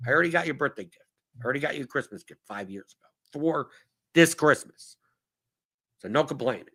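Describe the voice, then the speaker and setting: A podcast host answering viewer questions riffs bluntly and profanely in an exasperated monologue on his casual Q&A show. His medium-pitched voice is animated, husky, pushed and bright, moving a little fast.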